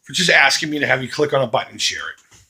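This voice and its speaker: A middle-aged man making an earnest, emphatic charity appeal to his viewers as a vlogger, swinging between loud and hushed. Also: mid-range voice, very animated, fast talker, breathy edge.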